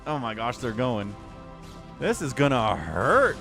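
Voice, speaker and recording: A man's voice: medium pitch, huge pitch swings, takes it slowly, vocal fry, fairly bright tone, faint music behind. A man giving casual, playful live commentary on a strategy game, reading out players' chat lines in mock voices. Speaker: game caster.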